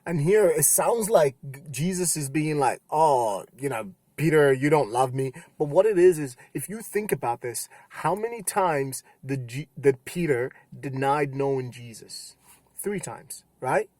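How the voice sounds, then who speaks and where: A young adult man giving a casual youth sermon, retelling scripture with animated quoted voices. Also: a little high, measured pace, no room sound. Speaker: youth pastor.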